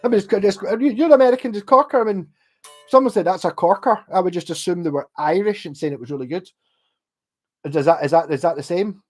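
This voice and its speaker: A man's voice: high-pitched, fast talker. A Scottish man rambling casually on a livestream about guitar repair, with many restarts and the odd swear word.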